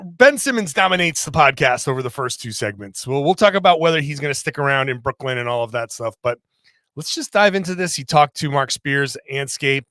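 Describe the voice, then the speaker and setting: A man hosting a casual sports podcast, talking quickly and jokingly with his co-host. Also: medium pitch, lively intonation, fairly bright tone, no room sound, clean studio sound.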